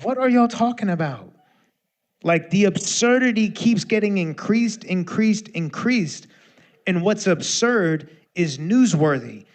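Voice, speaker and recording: High-voiced man ranting on a livestream. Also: unhurried. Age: 30s. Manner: animated, ranting, profane, swings between loud and muttered. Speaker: musician hosting a livestream. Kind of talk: casual livestream rant.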